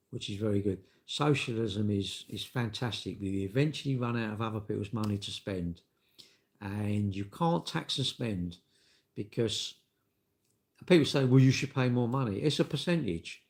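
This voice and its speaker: Sweary bloke, sixties, gravelly and low-voiced, live-stream rant. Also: male voice. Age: 60s. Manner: blunt, sweary, storytelling with acted-out quotes. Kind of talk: casual ranting monologue.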